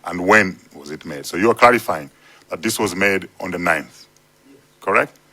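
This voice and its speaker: A man chairing a parliamentary hearing, briskly steering the questions onward. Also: low-pitched, bright, forceful tone. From Malawi. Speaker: committee chair.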